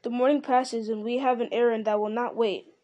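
A woman voicing a steady, watchful male ranger leader who speaks quietly and with measure. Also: a little high, fairly quick, muffled recording, close to an everyday voice.

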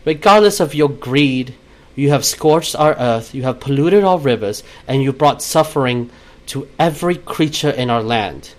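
A man voicing a calm, scornful woman druid who speaks for the jungle and lectures a crowd. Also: mid-range voice, moderate pace, natural voice. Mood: righteous. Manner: cold, preachy, condescending.

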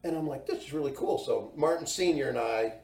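A man's voice: medium pitch, a little fast. A man talking as a podcast guest and telling a long anecdote in a loose, casual way, acting out the voices of the people in it. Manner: animated, acts out quoted voices. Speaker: podcast guest, business owner. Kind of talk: casual storytelling. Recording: roomy sound, distant mic.

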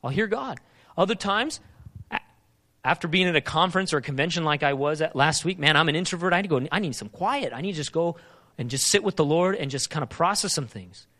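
A man preaching a sermon, asking emphatic repeated questions and moving between urgent loud passages and quieter reflective talk. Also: a little high, lively intonation, quick pace. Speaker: pastor.

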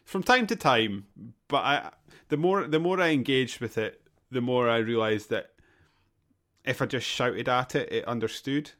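A man's voice: medium pitch, measured pace, a bit bright. A man in a casual gaming podcast chat, easygoing and laughing often, often restarting his sentences. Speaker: podcast co-host.

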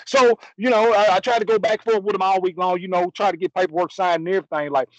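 A man playing a loud, boastful backwoods country man, rambling and hollering in a comedy monologue. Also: high voice, fairly even intonation, quick pace, no room sound, dull audio, lightly acted.

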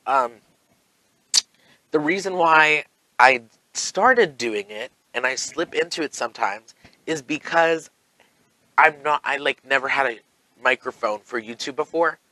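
A man hosting a casual solo podcast, sassy and campy, talking with big excitable swings and then dropping soft and low, sore with heartburn. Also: normal speed, no echo, low-quality recording. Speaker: podcast host.

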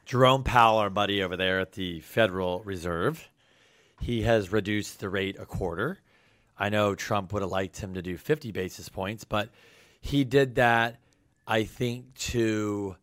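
A man co-hosting a podcast, with a low voice. He talks in a casual, energetic, fired-up way. The sound is dry and close. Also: clear, resonant tone, no room sound. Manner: energetic, hyped-up delivery. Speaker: podcast co-host. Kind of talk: casual chat.

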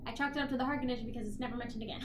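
A woman's voice: on the high side, echoey room, background noise. A woman co-hosting a casual podcast, retelling a story in a rambling way full of likes and ums. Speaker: podcast co-host. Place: apartment.

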